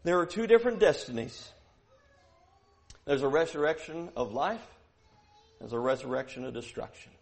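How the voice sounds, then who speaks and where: A man preaching a sermon who moves from quiet verse-by-verse teaching to loud, emphatic preaching, repeating phrases for emphasis. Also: a little high, expressive, moderate pace, vocal fry, long pauses.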